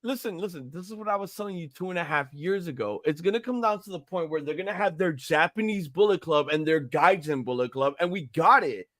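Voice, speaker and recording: A man co-hosting a casual wrestling chat show, animated and argumentative, swearing casually. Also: on the high side, a little fast, hardly any pauses, no room sound, clean studio sound. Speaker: podcast co-host.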